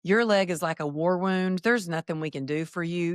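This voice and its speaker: A middle-aged woman, a podcast guest, telling a personal story and acting out the dialogue with lively shifts. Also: lowish voice, moderate pace, clear, resonant tone, dry recording, studio quality. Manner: animated, acts out quoted dialogue.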